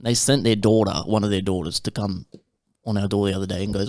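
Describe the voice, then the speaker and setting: Fast-talking sweary guy. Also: on the low side, level tone, darkish tone, no room sound, studio quality. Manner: sweary, rambling storytelling. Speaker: podcast co-host. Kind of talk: casual chat.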